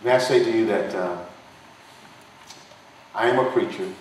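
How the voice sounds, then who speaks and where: Pastor guy giving a fiery sermon at a potluck, lowish voice, repeats lines like a preacher, far from the mic in a super echoey room. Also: moderate pace. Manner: emphatic preaching cadence with repetition. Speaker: pastor and congressional candidate. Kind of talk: impassioned political sermon. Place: potluck dinner hall. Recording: distant echoey room recording with faint noise.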